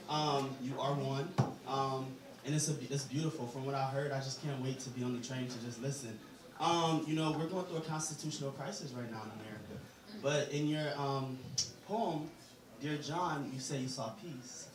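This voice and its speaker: A man's voice: medium pitch, fairly even intonation, a little fast. A man in the audience asking a long, rambling, earnest question with fillers. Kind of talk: question from the floor. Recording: echoey venue, distant mic, crowd noise.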